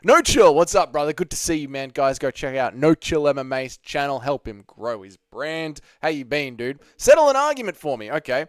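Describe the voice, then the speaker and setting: A man's voice: a little high, very animated, moderate pace, hardly any pauses, clear, resonant tone, no echo. A young man hosting a casual live stream, chatting and reading out viewer comments with plenty of swearing. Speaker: livestream host.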